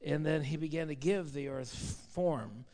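A man preaching as a pastor in a charismatic sermon, fervent and rising to loud exclamations. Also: on the high side, measured pace, long reverb tail. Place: church sanctuary.

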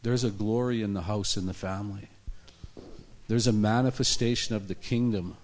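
A man's voice: fairly low pitch, steady tone, normal speed. A man preaching a sermon in a church, telling stories with energy and acting out the people in them. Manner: storytelling, acts out the people in his stories.

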